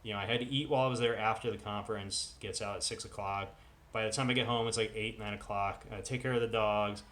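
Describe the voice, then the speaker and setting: A man's voice: fairly low pitch, fairly even intonation, quick pace, a bit bright. A man vlogging at home in casual chat, rambling and full of self-deprecating asides. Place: at home with dogs.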